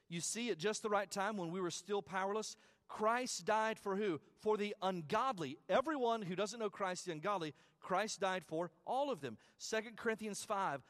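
A man's voice: sits high, a bit bright. A man preaching a sermon as pastor, emphatic and repetitive at the peaks, chatty with stumbles in the asides. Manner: emphatic preaching with repeated phrases and rising calls; conversational asides with stumbles and restarts.

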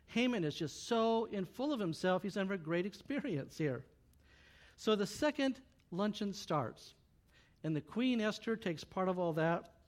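High-voiced preacher telling a Bible story. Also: male voice. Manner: casual, joking, animated retelling. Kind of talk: sermon storytelling.

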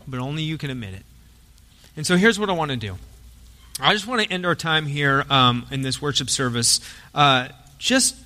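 High, bright-voiced preaching man in a hall. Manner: dynamic preaching, swings from soft to forceful. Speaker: pastor. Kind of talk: sermon. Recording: long hall reverb.

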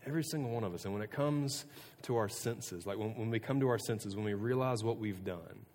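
A man preaching a sermon in a relaxed, chatty way, full of filler words and restarts. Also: fairly low pitch, a little fast, a little hiss or hum. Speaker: pastor. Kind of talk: casual conversational sermon. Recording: long hall reverb.

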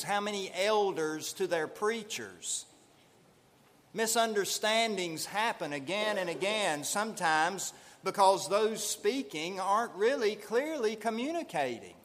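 A man preaching a Sunday sermon in a slow, deliberate, measured way. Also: sits high, fairly bright tone. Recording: long hall reverb.

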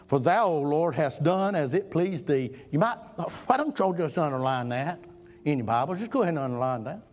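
A man preaching a folksy sermon, swinging from loud emphatic lines to low murmurs. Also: expressive, fairly quick.

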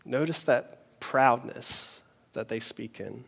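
A man preaching a sermon in an earnest, measured way, pausing between phrases. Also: mid-range voice, vocal fry, husky. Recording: long hall reverb.

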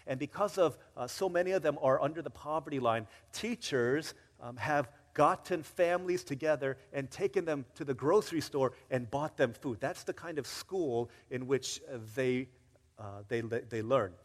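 Animated preacher in a reverberant hall. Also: male voice, mid-range voice, normal speed. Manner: animated storyteller, acts out quotes with rising excitement. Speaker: pastor. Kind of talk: sermon storytelling. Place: church sanctuary.

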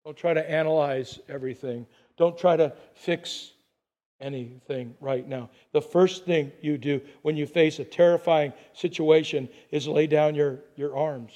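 High-voiced man preaching a conversational sermon. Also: a little slow. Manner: conversational preaching with asides and repetitions; drops to a hushed voice on calm phrases. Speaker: pastor.

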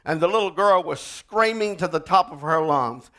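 A man's voice: on the high side, animated, moderate pace. Dramatic preacher man. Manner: dramatic, swings from shouting to hushed. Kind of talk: sermon storytelling.

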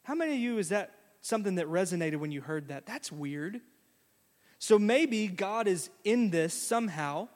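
A man preaching to his congregation in a high, bright voice. He is folksy and conversational, slipping into animated little quotes. The sound rings with the long tail of a big hall. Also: moderate pace. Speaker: pastor. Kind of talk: sermon.

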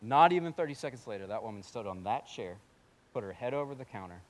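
A man preaching a sermon as pastor, telling his story in a swinging voice that drops to a hush and rises to near-yelling. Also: mid-range voice, lively intonation, fast.

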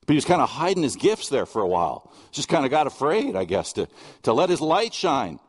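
Husky-voiced man preaching earnestly. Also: medium pitch, sing-song, a little fast, big-room sound. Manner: earnest, conversational preaching with storytelling and asides. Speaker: pastor. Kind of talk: sermon.

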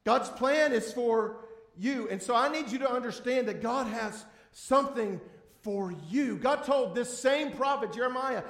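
A man preaching a sermon as pastor to a congregation, emphatic, swinging between loud bursts and hushed, drawn-out words, repeating key words for emphasis. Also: extremely high pitch. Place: church sanctuary before a congregation. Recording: echoey room.

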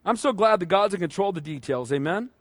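A man preaching a sermon, acting out the voices of people from the Bible in a lively way. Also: high voice, fast, dry recording. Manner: animated, acts out voices of Bible figures. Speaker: pastor.

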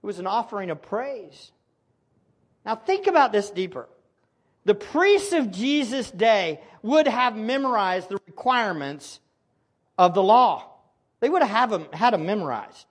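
A man preaching a sermon, animated, swinging between loud exclamation and hushed intensity, addressing his listeners as beloved. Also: sits high, unhurried.

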